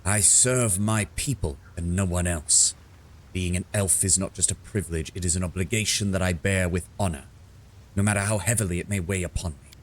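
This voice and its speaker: A man voicing a proud, cold male dark elf assassin in a fantasy game, reading his lines in a measured, contemptuous way. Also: deep voice, breathy edge. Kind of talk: reading game dialogue aloud.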